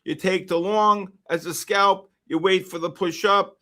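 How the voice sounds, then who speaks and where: A man hosting a live trading stream, calling price levels and teasing viewers in chat with excitable, repetitive banter. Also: high-pitched, unhurried. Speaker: livestream trading host.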